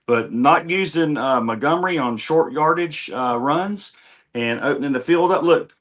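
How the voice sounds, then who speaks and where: A man's voice: a little high, moderate pace, fairly bright tone. A man on a sports talk show giving an earnest, conversational fan's opinion about his team.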